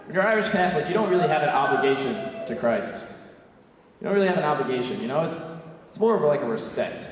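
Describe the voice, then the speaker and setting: A young man doing a stand-up set on a theatre stage. He talks in a brash, profane way and tosses in quick asides. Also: on the high side, expressive, slight background noise. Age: young adult. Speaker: stand-up comedian. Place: theatre stage before a live audience. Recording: echoey theatre hall from far off.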